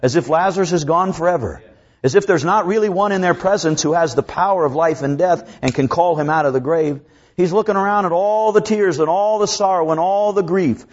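A man with a fairly high voice preaches a sermon, slowing down to draw out scripture and swinging from urgent peaks to hushed lows. The recording is dull and lo-fi. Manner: preaching with dramatic rises and drops; slows down to draw out scripture quotes.

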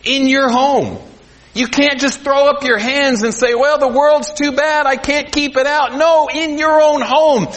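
A man preaching a sermon to a congregation, swinging between loud emphasis and quiet asides. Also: extremely high pitch, steady tone, a little slow. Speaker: pastor.

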